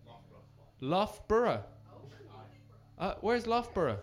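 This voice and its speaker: A man's voice: sits high, very animated, unhurried. An Irish man doing stand-up crowd work, teasing audience members, recorded live at a comedy show.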